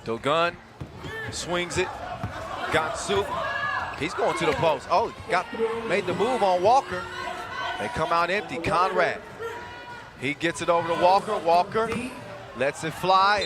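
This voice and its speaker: A man calling a live basketball game, with quick, jokey, excitable play-by-play. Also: sits high. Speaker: play-by-play commentator. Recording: loud crowd behind.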